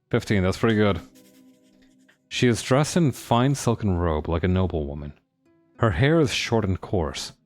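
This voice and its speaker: A man thinking aloud and reading game text during a let's play, musing with many restarts. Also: sits low. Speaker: game streamer.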